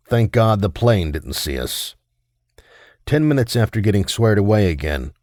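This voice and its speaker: Low-voiced male audiobook narrator, measured delivery, dry close recording. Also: a little mellow, no echo. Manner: measured storytelling with brief voiced dialogue. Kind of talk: scripted narration.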